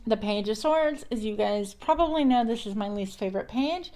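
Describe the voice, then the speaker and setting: A woman's voice: fairly high pitch, animated, moderate pace, darkish tone. A woman giving a casual tarot reading, chatty and meandering, mixing spiritual affirmations with card talk. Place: indoors at a counter.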